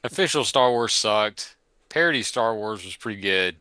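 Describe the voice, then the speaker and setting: Older podcast co-host, low bright crisp voice, halting delivery with restarts. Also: male voice, lively intonation, dry recording, studio quality. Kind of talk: casual chat.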